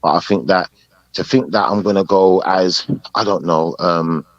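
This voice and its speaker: Man, very deep voice, dry dull sound, measured and hesitant, podcast panel talk. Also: no echo. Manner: measured, hesitant, searching for words. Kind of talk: casual live podcast debate. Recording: dull muffled podcast audio.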